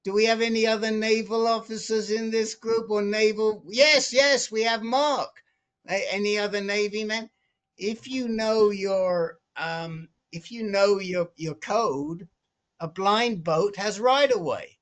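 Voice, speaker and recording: A man's voice: high voice, measured pace, a bit bright. A man on a group video call, telling a story with many restarts and repeated words. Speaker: support group member.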